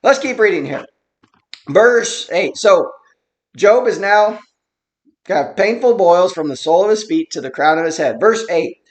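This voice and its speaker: A man teaching a Bible study in an earnest, explanatory way, reading verses slowly and then commenting on them. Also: sits high, expressive. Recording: roomy echo.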